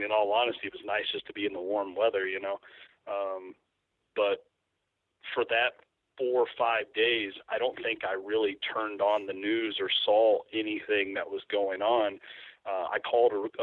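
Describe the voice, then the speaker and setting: A man with a lowish voice calls in to a talk show, rambling through his thoughts with lots of fillers and restarts. The sound is thin and phone-like, and dry, with no room around it. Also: dry recording. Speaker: guest, hunting photographer. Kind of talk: casual interview over the phone. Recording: tinny phone line.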